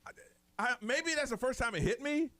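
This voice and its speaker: A man's voice: extremely high pitch, brisk, bright, forceful tone, dry recording. A man hosting a morning radio show, telling a family story in casual chat and acting out the voices of relatives.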